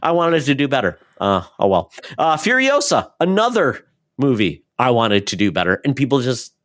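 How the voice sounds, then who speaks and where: A man's voice: mid-range voice, wildly swooping pitch, moderate pace, a bit bright, no echo. A man hosting a podcast, chatting casually and acting out quoted voices with animation. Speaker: podcast host. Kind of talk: casual chat.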